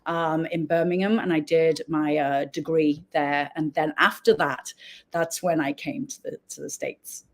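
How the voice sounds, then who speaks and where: Woman with a soft Liverpool accent. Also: low-pitched, steady tone, measured pace. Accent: softened Liverpool. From England. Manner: chatty, laughs often. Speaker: guest. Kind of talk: interview conversation.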